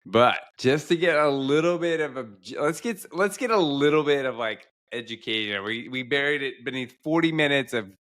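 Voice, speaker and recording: A man's voice: medium pitch, normal speed, hardly any pauses, fairly bright tone. A young adult man, a doctor co-hosting a podcast, talking in an earnest, reflective, emotional way. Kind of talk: casual podcast chat.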